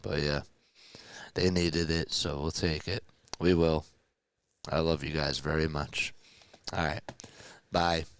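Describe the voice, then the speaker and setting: A man with a hoarse, strained voice calling a football game live as a fan play-by-play caster, rising to excited shouts before a casual sign-off. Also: extremely low pitch, takes it slowly, long pauses. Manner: excited calls that rise to shouts.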